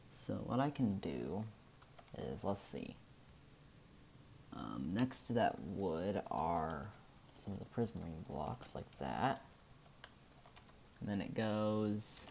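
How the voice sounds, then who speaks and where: A man's voice: lowish voice, darkish tone, slight background noise. A man narrating a casual game-building tutorial, thinking aloud as he goes and often stopping to correct himself.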